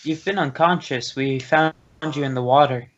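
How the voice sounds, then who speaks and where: A man's voice: mid-range voice, moderate pace, a bit bright, muffled recording. A man playing a tabletop game, talking in a dry, matter-of-fact way. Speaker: player.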